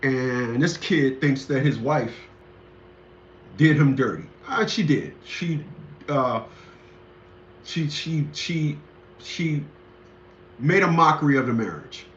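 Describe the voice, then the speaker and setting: A man's voice: a little high, takes it slowly, pauses often, fairly bright tone, a little hiss or hum. A man delivering a rambling, indignant ranting monologue, repeating himself often. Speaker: commentator. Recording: echoey, dull lo-fi room sound.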